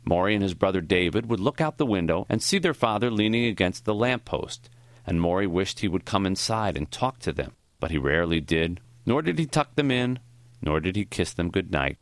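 A man's voice: deep voice, big pitch swings, brisk, dry recording. Male audiobook narrator, first-person memoir, reflective storytelling, dry close sound.

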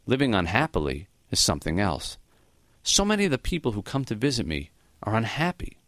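Man voicing a frail old professor, gentle, unhurried, lowish voice, lively pitch, dry sound. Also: dry recording, heavily acted. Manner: gentle, unhurried, matter-of-fact. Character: frail dying old male professor, calm and accepting.

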